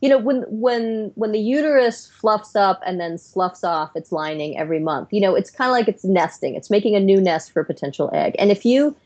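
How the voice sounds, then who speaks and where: A middle-aged woman speaking as a guest psychiatrist on a podcast, earnest and explanatory, her thoughts unspooling in long connected runs. Her pitch sits in an ordinary middle range, and the audio is slightly dull and lo-fi. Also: brisk, hardly any pauses, darkish tone. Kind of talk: podcast interview.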